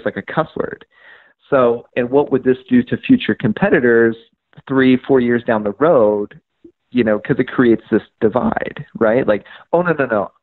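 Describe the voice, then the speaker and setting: A man telling his story as a podcast guest, animated, acting out conversations and using lots of "like" and "um". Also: mid-range voice, breathy edge, phone-quality sound. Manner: frequent fillers like "like" and "um". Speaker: podcast guest, media outlet founder.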